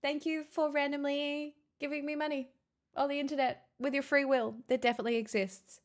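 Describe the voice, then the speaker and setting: High-pitched, level in tone and fairly quick, this woman is chatting casually on a live stream. She comes across flustered and giggly, thanking her viewers with gratitude in stops and restarts.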